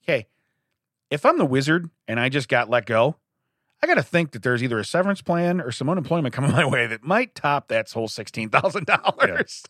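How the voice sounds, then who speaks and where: Male co-host, joking, animated pitch, dry close sound. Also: brisk, no room sound. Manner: jokey, reads news stories aloud with asides. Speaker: podcast co-host. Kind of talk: casual chat.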